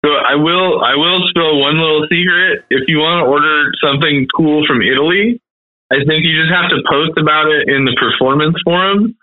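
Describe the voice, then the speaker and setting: A man's voice: a little high, normal speed, dry recording. Laid-back rambling guy on a tinny line. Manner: laid-back, rambling, heavy on "like" and "dude", swears casually. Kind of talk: casual chat. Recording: dry tinny phone-like line.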